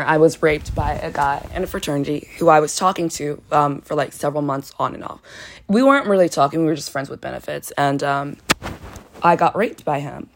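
A young woman in college with a croaky, dehydrated voice, candidly telling a raw personal story in a casual vlog. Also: low voice. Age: young adult. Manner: candid, raw, frank storytelling with blunt language.

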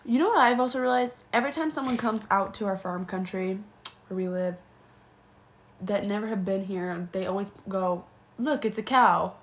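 A woman's voice: medium pitch, moderate pace. Playful young woman from Utah. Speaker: podcast co-host. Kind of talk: casual chat.

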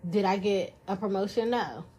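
A woman hosts a podcast and talks straight into a studio microphone. Her voice is a touch husky. She chats casually, teases and hypes herself up in a jokey way. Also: medium pitch, normal speed, a little mellow. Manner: playful, jokey, self-praising. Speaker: podcast host. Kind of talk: casual chat.

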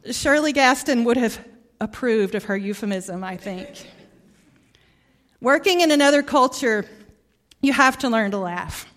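A middle-aged woman from Arkansas with a Southern accent, preaching a heartfelt storytelling sermon as a guest preacher, often dropping soft and quiet. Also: a little high, animated, unhurried. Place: church sanctuary.

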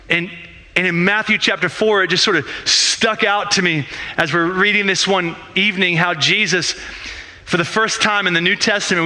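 A man's voice: sits high, pushed and bright. A man preaching a sermon as a pastor in a conversational way, with rhetorical questions and frequent restarts.

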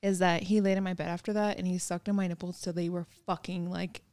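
A woman's voice: lowish voice, fast, dry recording. A young woman co-hosting a casual podcast, recounting a story candidly and profanely. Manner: candid, profane, animated retelling.

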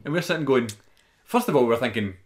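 A young man talks casually as a podcast host. He tells anecdotes with rising excitement, his voice leaping higher at the punchlines. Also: fast talker. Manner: animated storyteller, voice jumps up when excited. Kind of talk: casual chat.

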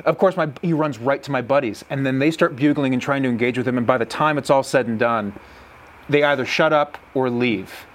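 A young man co-hosting a podcast, telling a story in a casual, animated way and mimicking animal calls. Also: mid-range voice, brisk. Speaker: podcast co-host.

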